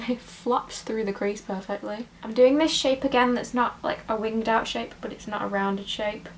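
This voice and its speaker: A woman's voice: fairly high pitch, a bit bright, a little hiss or hum, low-quality recording. A woman, chatting her way through a casual makeup tutorial at home in a rambling, talkative way. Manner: chatty and rambling, full of "like" and "you know". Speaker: makeup vlogger.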